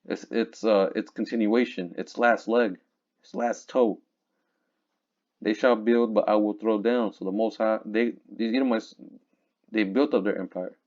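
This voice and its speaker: Low-voiced man teaching scripture casually. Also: steady tone, darkish tone. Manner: casual, reads verses slowly, looks up words aloud. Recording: dull lo-fi recording.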